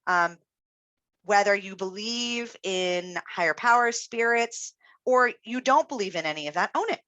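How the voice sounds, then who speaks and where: Bright, encouraging woman coach. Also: mid-range voice, animated, measured pace, no room sound. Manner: encouraging, reflective, many fillers. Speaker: speech-language pathologist and health coach. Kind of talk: webinar presentation.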